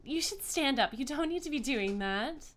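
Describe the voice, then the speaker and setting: A woman's voice: high-pitched, lively intonation, normal speed, a bit bright, pitched above the performer's own voice. A woman voicing a small, cheerful goddess of joy who giggles and stammers sweetly. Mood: bubbly.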